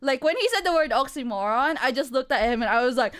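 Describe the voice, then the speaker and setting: High-pitched, lively woman streamer. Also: fast talker. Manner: animated, laughs often, swears freely. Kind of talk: casual storytelling chat.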